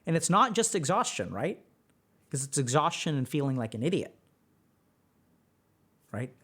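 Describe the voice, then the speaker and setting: A male streamer coaching his viewers on their mental health. His pitch sits a little high and swings widely as he fires off rhetorical questions and checks in with "right?". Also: normal speed, pauses often, breathy edge. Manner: animated, asks rhetorical questions, often says "right?". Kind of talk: livestream advice talk.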